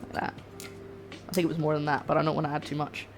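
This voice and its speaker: A woman's voice: deep voice, flat delivery, fast talker. A young woman streaming herself cooking, chatting and rambling to her viewers while she works in her home kitchen. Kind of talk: live-stream cooking chat. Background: faint background music.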